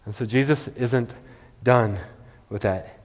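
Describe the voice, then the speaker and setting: A man's voice: mid-range voice, slow. A man preaching a sermon as pastor. He speaks emphatically and often repeats words as he restarts. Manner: emphatic, with stammered word repeats. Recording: long hall reverb.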